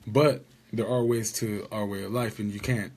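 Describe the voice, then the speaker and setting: A man's voice: on the low side, fairly even intonation, moderate pace, darkish tone. A man casually telling a rambling story about being wronged, with an indignant tone. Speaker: vlogger.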